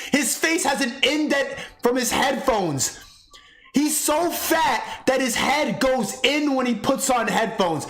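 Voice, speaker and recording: A young man in his twenties, a streamer reacting to a video, trash-talking and mocking his rivals in a heated rant. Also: a bit bright. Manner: mocking, trash-talking, mimics others in shrill voices.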